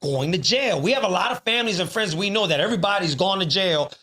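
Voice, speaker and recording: Podcast man, earnest and preachy, slightly higher voice, tosses in spanish bits. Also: fast talker, pushed and bright. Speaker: podcast host. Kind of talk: casual podcast chat.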